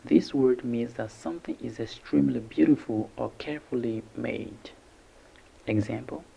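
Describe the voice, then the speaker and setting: A man teaching English vocabulary, breaking each word into syllables slowly and carefully. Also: medium pitch, vocal fry, warm tone, slightly rough, dull audio. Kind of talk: vocabulary lesson narration.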